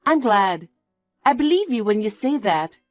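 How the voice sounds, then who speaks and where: A woman's voice: a little high, sing-song, measured pace, faint music behind, pitched above the performer's own voice. A woman voicing an earnest, anxious young fiancée who pleads and questions in disbelief. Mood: reassuring. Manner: pleading and incredulous.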